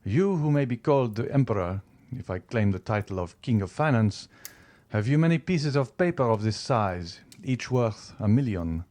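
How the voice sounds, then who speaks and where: Male reader as a boastful, greedy banker, near-natural voice, lively intonation. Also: mid-range voice, normal speed, lightly acted. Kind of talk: audiobook character reading.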